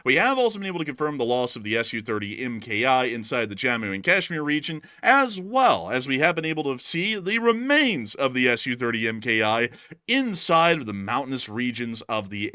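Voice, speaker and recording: A man's voice: mid-range voice, sharp tone, smooth, dry recording, studio quality. An American man hosting a live war-news stream, talking to viewers with plenty of filler words. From United States. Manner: talkative, many filler "uh"s, addresses viewers as folks. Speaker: war news show host.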